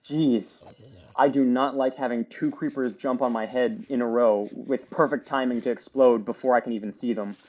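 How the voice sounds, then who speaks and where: A man's voice: mid-range voice, fairly even intonation, normal speed, darkish tone, lo-fi sound, slight background noise. A man giving casual, chatty play-by-play commentary while he plays a video game, rambling with lots of fillers. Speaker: gaming video creator.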